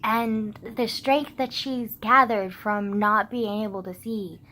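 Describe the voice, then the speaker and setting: A woman's voice: medium pitch, steady tone, slow pace, sharp tone, poor audio. A young woman ranting casually to camera, heated and sarcastic, swearing often and filling her talk with "like". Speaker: vlogger.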